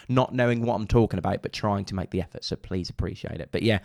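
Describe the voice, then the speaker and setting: A man's voice: on the low side, quick pace, vocal fry, hardly any pauses, darkish tone, dry recording, clean studio sound. A young man with a Suffolk accent talks casually and rambles while he reacts to music, humming drum rhythms in between. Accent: Suffolk English. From England (Suffolk). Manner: chatty and rambling, enthusiastic bursts, hums drum rhythms. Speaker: drummer reacting to anime openings. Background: faint music from the videos.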